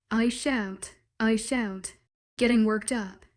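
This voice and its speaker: A woman's voice: medium pitch, steady tone, moderate pace. Woman narrating a first-person story.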